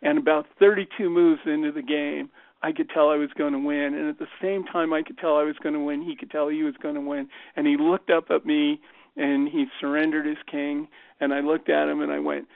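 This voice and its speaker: A man's voice: on the high side, level tone, fairly quick, vocal fry, dry recording. A man from Canada giving a casual, rambling motivational talk to a team, with lots of fillers. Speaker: speaker on a team call. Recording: tinny phone line.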